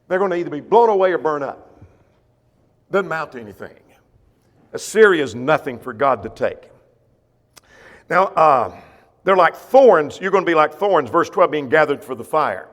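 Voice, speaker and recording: A man's voice: on the high side, lively intonation, moderate pace, long pauses, fairly bright tone, long reverb tail. A man teaching a church Bible class, explaining scripture in plain words with frequent fillers and restarts.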